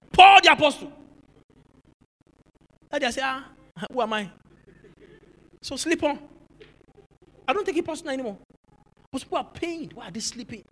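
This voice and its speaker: A pastor preaching a sermon, moving from low, musing talk to shouted rebuke. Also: male voice, in a large hall.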